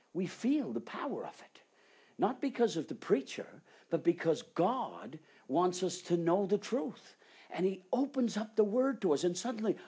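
Dramatic preacher, hushed to fervent. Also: mid-range voice, breathy edge. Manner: dramatic, swinging between hushed whispers and excited exclamation. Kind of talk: sermon.

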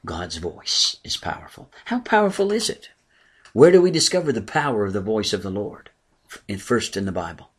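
Husky-voiced man preaching a sermon. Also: fairly low pitch, very animated, moderate pace. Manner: earnest preaching, swelling and dropping to near whispers. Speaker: pastor.

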